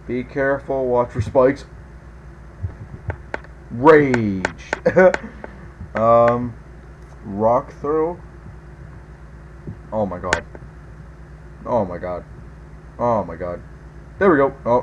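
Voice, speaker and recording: A man giving let's play commentary as a gaming video host, excitable, yelping and groaning at every mishap. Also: mid-range voice, dull audio, slight background noise.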